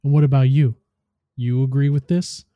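A man voicing a greedy, demanding male alien crime boss who talks gruffly. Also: mid-range voice, level tone, moderate pace, dark tone, no echo, studio quality, natural voice.

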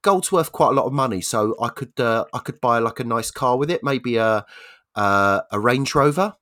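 A man's voice: medium pitch, animated, moderate pace, bright, forceful tone, voice pushed up. A man voicing an earnest little schoolgirl.

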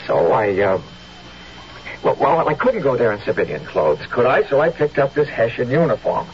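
An actor playing a nervous, stammering young colonial soldier in a 1970s radio drama, from a dull old broadcast recording. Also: male voice, medium pitch, very animated, moderate pace, slight background noise, lightly acted. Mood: pleading.

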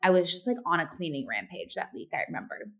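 A woman in her thirties, a podcast co-host chatting casually and acting out quoted lines with sudden pitch jumps. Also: big pitch swings, fast talker, fairly bright tone. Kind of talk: casual chat.

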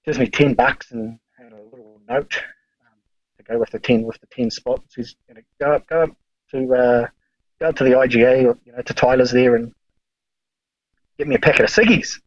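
A man's voice: mid-range voice, steady tone, a little fast, long pauses, highs cut off. A man, a podcast guest telling long, rambling stories in casual chat, swearing freely and full of fillers.

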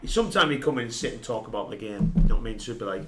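A man's voice: fairly low pitch, expressive, racing, loud music behind the voice. A man, a podcast guest telling a long, sweary dressing-room story and laughing often as he goes. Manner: laughs through his stories, sweary. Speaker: podcast guest, former footballer. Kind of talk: casual anecdote telling.

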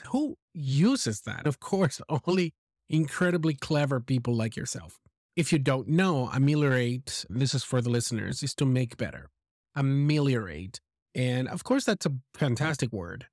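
A man's voice: mid-range voice, a little mellow, no echo. Encouraging male English teacher, dry mic. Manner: encouraging, explains pronunciation slowly with examples. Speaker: English teacher and podcast host. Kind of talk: friendly feedback on a listener's voice message.

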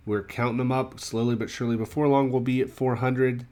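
A man's voice: medium pitch, fairly even intonation, a little fast, dark tone. A man hosting a casual podcast, chatty and a bit wry as he runs through the news. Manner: chatty, wry about price hikes. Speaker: podcast host.

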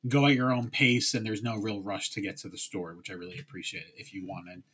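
A man with a husky, slightly breathy voice chats on a podcast. He rambles, trails off quietly and acts out little quotes. He talks casually and relaxed. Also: lowish voice, brisk. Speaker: podcast co-host. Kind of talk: casual chat.

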